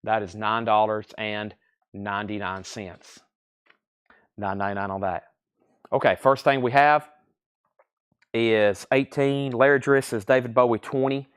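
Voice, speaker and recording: A man hosting a live online record sale. He briskly lists titles and prices and repeats them as he goes. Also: lowish voice, steady tone, clear, resonant tone. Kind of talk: live online sales stream.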